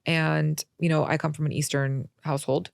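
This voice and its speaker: A woman's voice: sits low, flat delivery, moderate pace, vocal fry, no echo, clean studio sound. A young woman chatting as a podcast guest, telling stories and acting out quoted voices. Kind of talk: casual interview talk.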